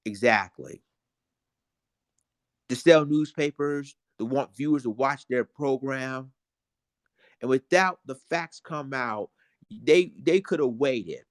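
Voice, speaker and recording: A man's voice: mid-range voice, dry recording, clean studio sound. A man vlogging emotional commentary, indignant and repetitive, talking straight to his viewers.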